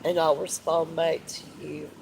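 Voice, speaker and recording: A man's voice: fairly high pitch, flat delivery, unhurried, vocal fry, a little mellow, a little hiss or hum, rough recording. A man, crying as he talks heartfelt and repetitive to viewers on a live stream. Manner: tearful, heartfelt, repeats himself. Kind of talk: emotional live stream talk.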